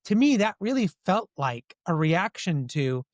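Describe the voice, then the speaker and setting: A man answering interview questions in a lively storytelling way, often slipping into quoted dialogue. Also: sits high, unhurried, no room sound, clean studio sound. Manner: animated storyteller who acts out quoted dialogue. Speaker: guest.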